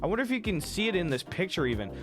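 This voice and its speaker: A man hosts a livestream, chatting casually with a high voice that swings widely in pitch. He tells stories in an excitable, profane rush. Music plays clearly behind him. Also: racing. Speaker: livestream host. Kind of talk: casual chat. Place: home streaming room.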